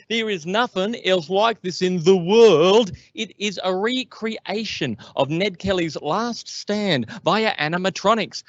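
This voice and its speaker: Brief: pushy old man at a counter, put on by a man, loud barking pitch, dry dull audio. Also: dry recording. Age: older. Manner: loud, barking hard sell. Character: pushy old man behind a ticket counter, hard-selling. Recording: dull, muffled sound.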